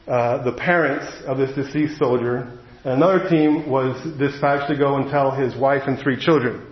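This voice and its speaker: Earnest preacher in an echoey hall. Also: male voice, mid-range voice. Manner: earnest storytelling, slowing on heavy moments. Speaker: pastor. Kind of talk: sermon with personal story. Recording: echoey hall, dull lo-fi sound.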